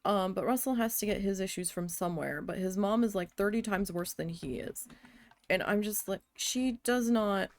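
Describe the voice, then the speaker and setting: A woman with a mid-range voice, speaking at a moderate pace with no room sound, streams a building game. She tells a story in a chatty, venting way with a lot of swearing and mutters quietly to herself as she builds.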